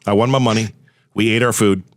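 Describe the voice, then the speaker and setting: A man's voice: fairly low pitch, fairly even intonation, quick pace, no room sound, clean studio sound. A man hosting a podcast interview, friendly and casual, often calling his guest "man". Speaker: podcast host.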